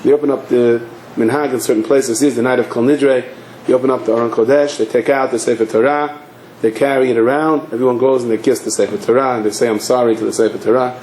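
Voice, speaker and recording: Throwing himself into every scene, a rabbi races through a sermon story in an animated, acted-out style. His medium-pitched voice rings through an echoey hall over a faint background hiss.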